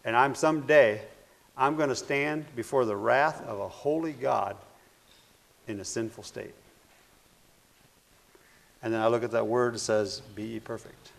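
A man preaching a sermon, earnest and repetitive, swinging between loud declarations and hushed phrases. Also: medium pitch, measured pace, gravelly, long pauses.

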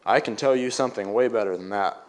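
A man voicing a kind grown-up cousin in a read-aloud story, speaking with quiet, gentle counsel. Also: lowish voice, quick pace, lightly acted. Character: kindly grown cousin, calm and wise.

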